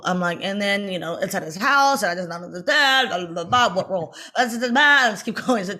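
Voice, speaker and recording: Animated and fast-talking in bursts, this middle-aged actress shares a story in a casual interview at medium pitch. She slips into character to voice the people she's quoting.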